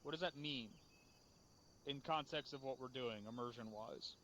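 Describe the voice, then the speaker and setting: Blunt, bright-voiced man leading a debrief. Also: mid-range voice, normal speed, a little hiss or hum. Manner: blunt, profane, scolding. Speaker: unit leader. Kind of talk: after-action debrief.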